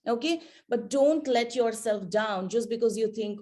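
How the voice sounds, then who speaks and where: Woman, higher voice, keynote speaker, chatty motivational talk to teens, asks the audience questions. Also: a little slow, a little mellow. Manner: conversational, asks the audience questions, frequent fillers.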